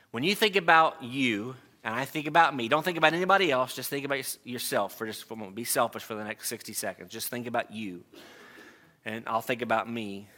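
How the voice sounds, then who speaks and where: A man's voice: mid-range voice, bright, forceful tone. A man preaching an earnest sermon to a congregation, reading scripture aloud and stressing key words. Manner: earnest, reads scripture aloud, emphatic asides.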